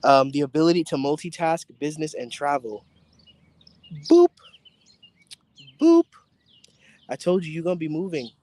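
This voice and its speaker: A man with a fairly high voice runs a psychic reading stream from outside in the sun, talking into his phone. He is chatty and easily excited, cursing offhand as he speaks directly to the people watching. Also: fast, hardly any pauses. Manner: excitable, chatty, swears casually, addresses viewers directly. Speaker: psychic tarot reader hosting a live stream. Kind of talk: casual live-stream reading. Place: outdoors in bright sun.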